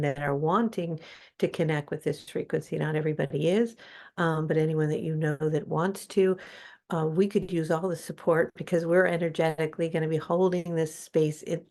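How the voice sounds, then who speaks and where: A woman's voice: deep voice, normal speed, creaky. A woman hosting a video call, chatting casually and telling a long anecdote with lots of fillers and acted-out dialogue. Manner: chatty and animated, many fillers and quoted dialogue. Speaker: spiritual teacher hosting a call.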